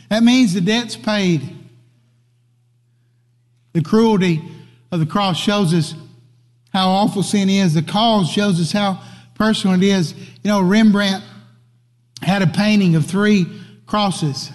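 Male pastor, high-pitched, fervent sermon delivery, reverberant church. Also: moderate pace, pauses often. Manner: preaching with rising, shouted emphasis. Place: church sanctuary. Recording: long hall reverb.

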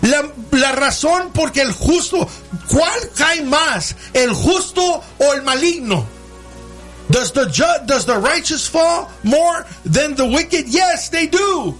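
A man preaching a sermon in English and Spanish, calling his listeners brother and rising into shouted, sing-song cadences. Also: extremely high pitch, expressive, takes it slowly, faint music behind. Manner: preaching, switching between English and Spanish, calling out "hermano" and "amen". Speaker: pastor. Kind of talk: bilingual sermon.

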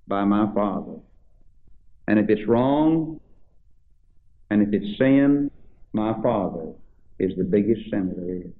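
A male preacher with a lively, swooping delivery reads the old King James verses with dramatic weight. He then drops into plain, conversational commentary. The recording sounds dull and lo-fi. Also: mid-range voice. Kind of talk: sermon reading scripture aloud with commentary.

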